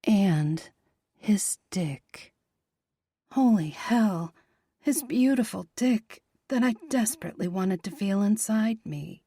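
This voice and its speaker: A woman narrating a romance audiobook in a soft, breathy, half-whispered voice. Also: mid-range voice, animated, slow, dry recording, clean studio sound.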